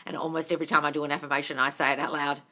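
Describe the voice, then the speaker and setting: A woman hosts a live manifesting Q&A, reading viewers' comments and answering bluntly with constant swearing, often calling them "darling" and sometimes launching into loud, scolding rants. Her voice is low-pitched, flat and rapid-fire, picked up by a phone or webcam livestream mic.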